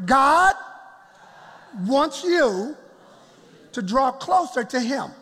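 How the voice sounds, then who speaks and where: A man's voice: very high-pitched, sing-song, extremely slow, long pauses, pushed and bright, long reverb tail. A man preaching a sermon as pastor in a church, laughing often and calling out to the congregation.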